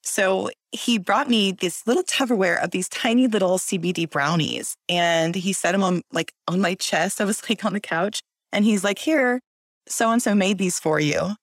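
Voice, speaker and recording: A woman telling a story in casual chat as a guest, animated and acting out voices. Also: medium pitch, normal speed, no echo, studio quality. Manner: animated, acts out voices in her stories.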